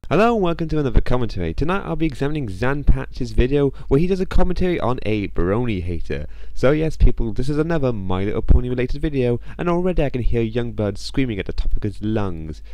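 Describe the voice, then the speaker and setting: A man's voice: mid-range voice, big pitch swings, quick pace, few pauses, darkish tone, no echo. A man hosting a video commentary, speaking in a sarcastic, mocking way.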